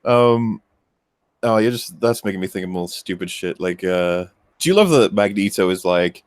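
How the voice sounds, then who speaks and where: A man's voice: mid-range voice, lively intonation, a little fast, no room sound. A young man, guest on a casual podcast, ranting animatedly and acting out his own reactions. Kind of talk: casual chat.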